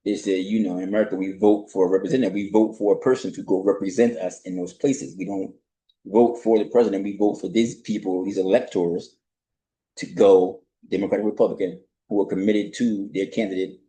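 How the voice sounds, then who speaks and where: A man's voice: deep voice, steady tone, brisk, warm tone, low-quality recording. A man giving casual political commentary, talking conversationally and asking rhetorical questions with a frequent "right?".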